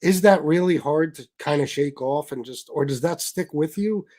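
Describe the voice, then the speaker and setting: A man hosting a casual interview, asking relaxed follow-up questions. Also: fairly high pitch, normal speed. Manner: easygoing, brief prompts and follow-up questions. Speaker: host.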